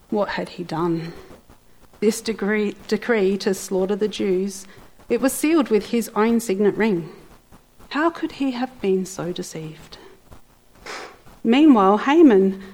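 A woman's voice: a little high, poor audio. Woman telling a dramatic story. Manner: expressive, theatrical, playful asides.

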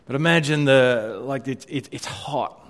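A pastor leading a guided scripture meditation, speaking reflectively with many hesitant restarts. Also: male voice, mid-range voice, unhurried.

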